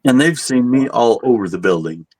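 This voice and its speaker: A man's voice: mid-range voice, expressive, moderate pace, a little mellow, no echo, poor audio. A man working as a tour guide, telling a story casually and animatedly, acting out what people said and chuckling at his own jokes. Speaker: haunted asylum tour guide.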